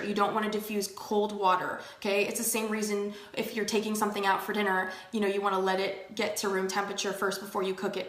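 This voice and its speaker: A woman's voice: medium pitch, a bit bright, roomy sound. A woman hosting a casual home talk on essential oils, chatty and reassuring, with lots of fillers. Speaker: host of an essential oil show. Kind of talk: casual live-stream talk.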